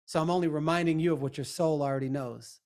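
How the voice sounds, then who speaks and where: A man's voice: a little high, steady tone, fast, a little mellow. A man, a motivational speaker and coach, talking emphatically as an interview guest. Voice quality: had a speech impediment in youth. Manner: emphatic, acts out quoted people.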